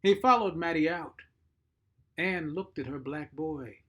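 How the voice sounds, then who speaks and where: A man reading a short story aloud, measured and expressive. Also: on the high side. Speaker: narrator.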